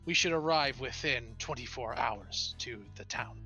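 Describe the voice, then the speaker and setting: A man voicing a calm, logical robot who states things flatly and literally in a tabletop game. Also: mid-range voice, unhurried, creaky, faint music behind, voice pushed down, heavily acted. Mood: matter-of-fact. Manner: flat, matter-of-fact statements.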